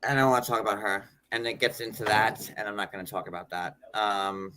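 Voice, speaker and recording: A man's voice: lowish voice, fairly even intonation, fairly quick, pushed and bright, slight background noise. A man hosting a live stream in casual chat, retelling an argument in a heated, blunt way with plenty of cursing. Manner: heated and blunt, with profanity and repetition.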